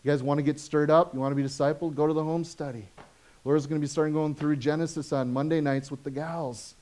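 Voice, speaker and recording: A fast-talking pastor, an adult with children, delivers a conversational sermon full of questions for his listeners. He alternates between energetic storytelling and hushed, low asides.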